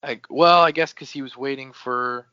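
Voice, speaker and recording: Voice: medium pitch, moderate pace, bright, forceful tone, smooth, no room sound, muffled recording. A podcast co-host chatting casually and playfully. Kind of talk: casual chat.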